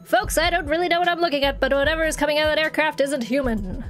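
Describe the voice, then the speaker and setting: A woman voicing a startled male TV field reporter, speaking in a hushed, urgent news delivery. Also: high voice, fast talker, faint music behind. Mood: hushed alarm.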